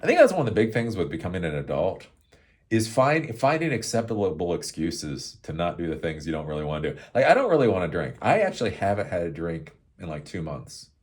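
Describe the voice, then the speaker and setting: Deep-voiced man rambling animatedly. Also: big pitch swings, fairly quick. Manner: rambling, laughs often. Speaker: show host. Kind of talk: casual rambling monologue.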